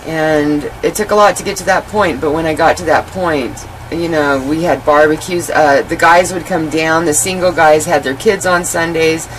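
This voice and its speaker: A woman's voice: deep voice, fairly even intonation, moderate pace, few pauses, slight background noise, poor audio. A woman guest in an interview, telling her life story candidly and animatedly, with many "you know" fillers.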